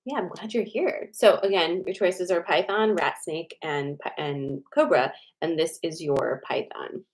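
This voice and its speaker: A woman's voice: lowish voice, a little slow, few pauses, poor audio. A woman in her forties hosting a casual livestream, chatty and rambling, reading cards to viewers and full of "like" fillers.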